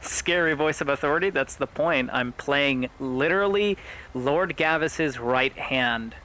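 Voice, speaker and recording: A man's voice: on the high side, measured pace, pushed and bright, slight background noise, low-quality recording. A man streaming a roleplay game, chatting casually and joking between scenes, swearing freely.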